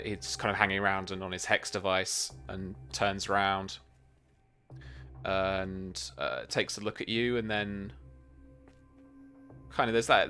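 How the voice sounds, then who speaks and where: A man's voice: low-pitched, sharp tone. A man narrating a tabletop game as game master, describing scenes loosely with many fillers.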